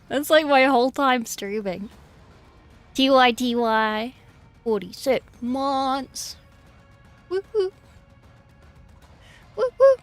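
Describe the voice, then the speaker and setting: Woman streamer, higher voice, unhurried, rambling chat replies, faint music behind. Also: gravelly. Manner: rambling, reads chat aloud and answers it. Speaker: livestream host. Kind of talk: casual livestream chat.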